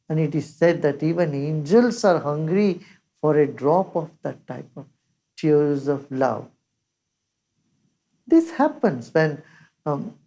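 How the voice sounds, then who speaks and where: An older woman giving a measured spiritual discourse as a teacher, reciting scripture verses along the way. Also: low voice, warm tone.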